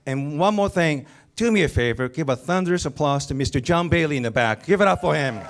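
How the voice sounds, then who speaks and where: Goofy sounding guy doing nervous rambly standup as host, voice sits kinda high. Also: lively intonation, brisk, a little hiss or hum. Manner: nervous, rambling, self-deprecating. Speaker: comedian host. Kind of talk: live stand-up hosting. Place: cinema stage before a live audience.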